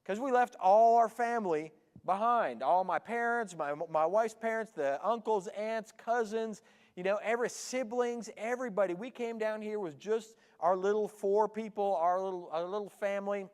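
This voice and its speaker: Canadian guy pastor in his 40s, high voice, joking around with the church crowd, big hall echo. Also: moderate pace, darkish tone, clean tone. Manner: chatty, joking with the congregation. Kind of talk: sermon. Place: church sanctuary.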